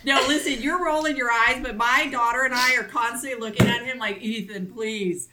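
A woman in her forties co-hosting a casual chat, animated and quick to laugh, swearing freely. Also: high-pitched, crowd noise. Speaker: podcast co-host.

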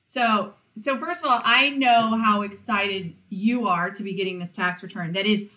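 A woman's voice: medium pitch, moderate pace, pushed and bright. A woman co-hosting a podcast in casual chat, blunt and teasing, swearing freely. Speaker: podcast co-host.

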